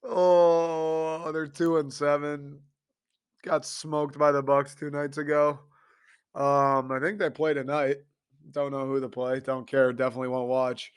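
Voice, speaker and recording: A man's voice: on the high side, level tone, a little slow, smooth. A young man in his twenties hosting a casual sports podcast, ranting, swearing and laughing as he goes. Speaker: podcast host.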